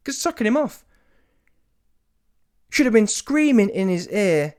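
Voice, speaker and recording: A high-pitched man, unhurried and pausing often, rants about a boxing match in reaction commentary. Casual and slangy, he's emphatic and frequently mocking, animated enough to rise into mocking shouts, with street slang and swearing.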